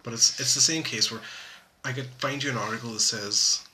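A man chats casually as a podcast co-host in a mid-range voice. He talks in a relaxed way and often repeats words as he restarts. A steady background noise is clearly audible under him. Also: mid-range voice, fairly quick. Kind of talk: casual chat. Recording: noisy background hiss.

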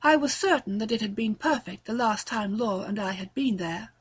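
A woman narrating a story aloud in a measured, even storytelling manner. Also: mid-range voice, breathy edge. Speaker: story reader. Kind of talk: audiobook narration.

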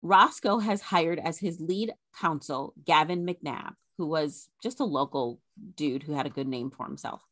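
Chatty woman podcaster, dry lowish voice. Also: unhurried, few pauses, dry recording. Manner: animated retelling of a scandal, chatty asides. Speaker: podcast co-host. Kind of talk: casual history storytelling.

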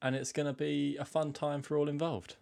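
A young man co-hosting a podcast in casual chat, deadpan and self-mocking. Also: a little high, normal speed, vocal fry. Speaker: podcast co-host.

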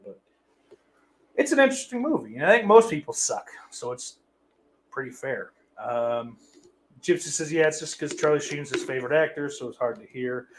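A man in his thirties hosting a casual stream, reading out chat messages and rambling in a profane, offhand, sardonic way. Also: medium pitch. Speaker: livestream host reading chat.

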